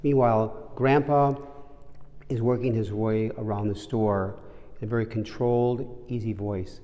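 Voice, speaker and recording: Priest with a mellow voice in a cathedral. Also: male voice, lowish voice, flat delivery, normal speed, lo-fi sound. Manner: warm storytelling, conversational. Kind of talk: sermon reflection. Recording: long reverb of a large cathedral.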